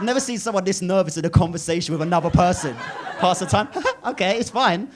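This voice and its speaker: A man's voice: sits high, fast. A man in his twenties from England doing live stand-up in a comedy club, teasing the crowd and swearing freely. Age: 20s. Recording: noisy live club recording. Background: audience laughter.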